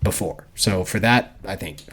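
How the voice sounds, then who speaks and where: A man's voice: low-pitched, a little slow, a bit bright. A man co-hosting a casual book-club podcast, rambling, swearing freely and laughing often. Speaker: podcast co-host.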